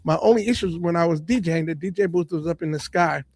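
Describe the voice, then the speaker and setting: A man, a comedian and radio personality, telling stories from his life in an animated interview style and acting out the voices of people in them. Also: on the high side, fast talker, no room sound. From Boston area. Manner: animated storyteller, acts out quoted voices. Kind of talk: storytelling interview. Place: podcast studio.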